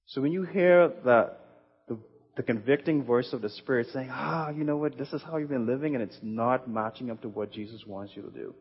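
Male pastor, husky, earnest sermon delivery; muffled recording. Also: mid-range voice. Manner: earnest, emphatic scripture reading with conversational asides. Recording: echoey hall, muffled sound.

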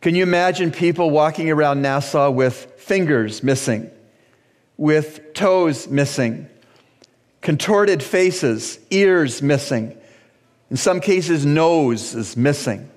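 Slow Bahamian pastor preaching in a reverberant church. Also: male voice, fairly high pitch, expressive. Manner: slow, deliberate preaching with dramatic pauses and shouted quotes. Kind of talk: sermon. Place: church sanctuary.

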